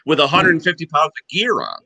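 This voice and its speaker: Lively, bright-voiced talkative man. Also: fairly high pitch, quick pace, creaky, dry recording. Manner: talkative, storytelling, asks many questions. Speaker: guest in chat. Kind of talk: casual chat.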